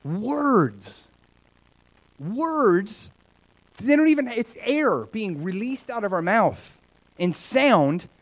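Guy preaching a sermon, casual and chatty, voice jumps all over, goes big then real quiet. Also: high-pitched, very slow. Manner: animated, conversational preaching that swings between loud and hushed. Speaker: pastor.

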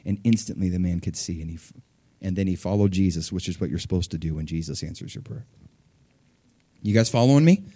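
A man preaching a sermon, retelling scripture in an animated way, swinging between hushed and loud and laughing often. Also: low-pitched, fast, slightly rough, dry recording. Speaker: pastor.

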